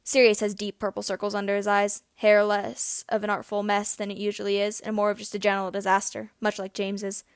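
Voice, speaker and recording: A woman reading fan fiction aloud in a gentle, even storytelling voice. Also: mid-range voice, brisk, few pauses, smooth, dry recording, studio quality. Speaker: audiobook reader.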